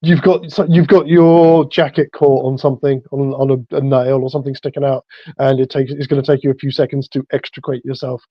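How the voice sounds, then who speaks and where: A man narrating as the storyteller of a tabletop game, relaxed and full of fillers. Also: medium pitch, a little fast, no room sound. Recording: dull lo-fi sound.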